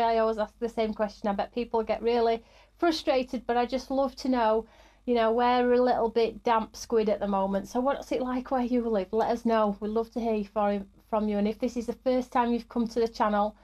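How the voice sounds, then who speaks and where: A woman, middle-aged, hosting a live craft stream in an upbeat, chatty way and greeting viewers by name. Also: fairly high pitch.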